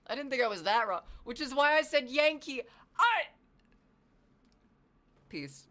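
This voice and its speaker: With a voice that sits high, this Northwestern US streamer talks with viewers at a measured pace, leaving long pauses. The chat is casual, animated and self-deprecating, with plenty of swearing.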